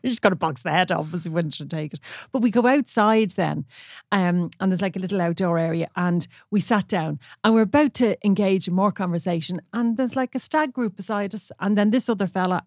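Irish woman chatting on a podcast, lively storyteller, dry sound. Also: lowish voice, no echo. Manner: lively storytelling with frequent laughs. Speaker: podcast co-host. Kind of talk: casual chat.

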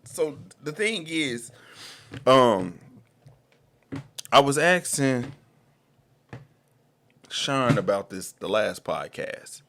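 A man hosting a casual podcast, animated and slangy, often repeating words as he starts a sentence. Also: medium pitch, very slow, vocal fry, pauses often, a little hiss or hum. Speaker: podcast host.

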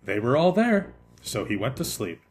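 A man hosting a podcast, reading a children's picture book aloud in an expressive way that slows down for effect. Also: mid-range voice, slight background noise. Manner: expressive, lively, slowing for effect.

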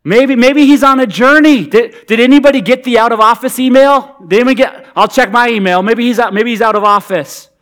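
A man acting out an ancient prophet mocking his rivals with loud, sarcastic trash talk. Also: very high voice, fairly quick, few pauses, voice pushed up. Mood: taunting.

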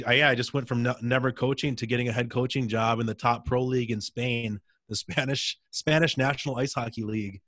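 A man's voice: mid-range voice, a bit bright, dry recording, studio quality. A man in his thirties, a former pro hockey player, telling his faith story in an intense, candid way in a casual interview.

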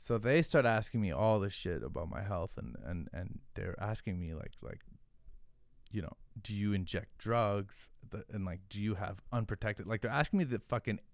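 A hot sauce founder appears as a podcast guest, telling a rambling, profane story in casual chat and saying "like" constantly. His fairly low voice is gravelly, his pace moderate, and the recording dry.

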